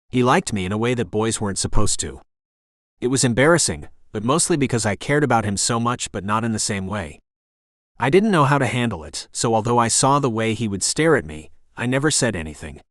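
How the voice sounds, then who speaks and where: A man narrating a first-person romance audiobook in an earnest, emotional, soft-spoken way. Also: lowish voice, no echo, studio quality.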